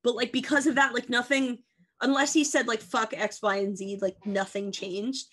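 A woman's voice: fairly high pitch, little pitch movement, normal speed, fairly bright tone. A woman in her twenties co-hosting a podcast, chatting casually and rambling playfully through goofy tangents. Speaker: podcast co-host. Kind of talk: casual comedic chat.

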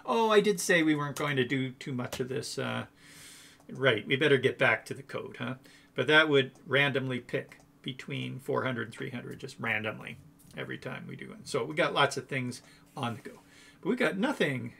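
Gravelly man thinking aloud through code. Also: mid-range voice, lively intonation, moderate pace, bright, forceful tone. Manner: chatty, thinking aloud, self-correcting. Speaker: coding tutorial host. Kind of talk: casual screen-share code walkthrough.

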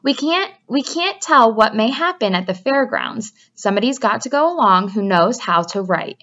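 Lady doing a soft calm wise spider, a bit higher than her normal voice, muffled sound. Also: normal speed. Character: gentle wise female spider. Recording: dull lo-fi recording.

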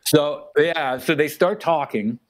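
A man's voice: on the high side, slow pace. A middle-aged man, a filmmaker and actor, telling stories in a casual podcast interview and often restarting his sentences. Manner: animated storyteller, restarts sentences.

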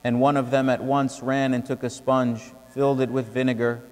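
A man reads scripture in a measured, level voice that barely rises or falls. His words ring out into a large cathedral, and a long reverb hangs behind each line. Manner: steady, even reading with little pitch movement. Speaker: reader. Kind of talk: liturgical scripture reading.

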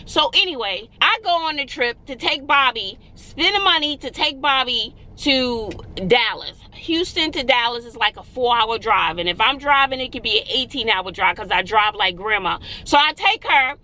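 This is a woman from Brooklyn sitting in her car and talking to a phone camera. Her voice is high and bright. She vents in an exasperated, rambling way and keeps circling back to the same points. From Brooklyn, New York. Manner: exasperated, rambling, repeats herself. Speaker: vlogger, single mom. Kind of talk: venting vlog while driving. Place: inside a car.

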